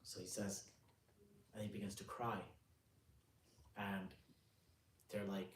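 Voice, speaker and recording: A man, an Islamic scholar, giving a religious lecture to a gathering. He tells stories casually, then slows down and speaks with emphasis when he explains sayings. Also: on the low side, flat delivery, a little hiss or hum. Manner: casual, conversational storytelling with frequent "you know" and restarts. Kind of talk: religious lecture with a storytelling anecdote. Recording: roomy, distant mic with faint ambience.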